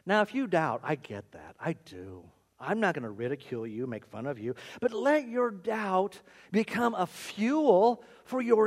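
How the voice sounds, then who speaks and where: A man preaching a sermon as pastor, animated and repetitive, with self-mocking humor. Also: sits high.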